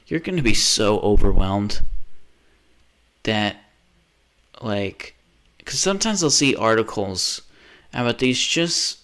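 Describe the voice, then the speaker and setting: A livestreamer, a man, talking in a rambling rant that keeps restarting and trailing off. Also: on the low side. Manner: restless, self-interrupting, frequent restarts and trailing off.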